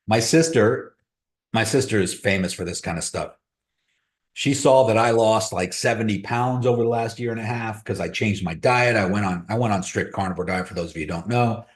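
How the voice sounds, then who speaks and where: A man's voice: lowish voice, moderate pace, echoey room. A man hosting a crypto trading webinar, giving blunt, motivational advice in casual live-stream talk. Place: room on a video call.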